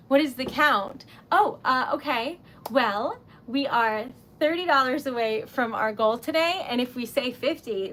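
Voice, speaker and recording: A chatty woman hosts a casual livestream from her craft workspace, her voice sitting a little high. She giggles often and fills her talk with likes and ums. A faint hiss runs under the recording. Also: fairly bright tone. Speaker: small business owner livestreaming.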